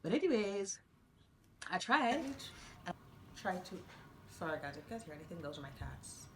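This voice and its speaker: A woman's voice: lowish voice, sing-song, normal speed, roomy sound, slight background noise. A young woman telling a rambling personal story to her viewers, with many fillers and bursts of laughter. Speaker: vlogger. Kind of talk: casual storytelling to camera.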